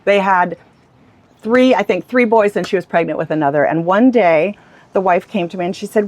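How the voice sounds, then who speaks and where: A middle-aged woman in an interview, an animated storyteller who acts out the voices she quotes. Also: lowish voice, normal speed. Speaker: real estate agent, guest.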